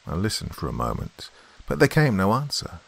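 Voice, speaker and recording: Deep, husky male horror-story reader. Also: wildly swooping pitch. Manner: measured, suspenseful narration. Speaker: horror story podcast host. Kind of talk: dramatic story reading.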